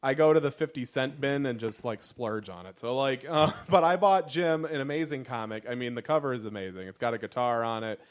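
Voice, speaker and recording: A man's voice: medium pitch, a little fast, hardly any pauses. A young man co-hosting a casual podcast, rambling with profane, laughing enthusiasm. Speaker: podcast co-host. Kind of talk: casual comedic chat.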